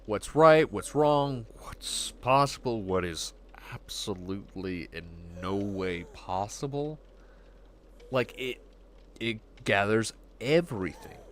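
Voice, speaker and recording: Slow, lively-pitched man streaming. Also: slight background noise. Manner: rambling, acts out quick voices in quotes. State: getting hiccups. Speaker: livestream host. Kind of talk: casual stream chat.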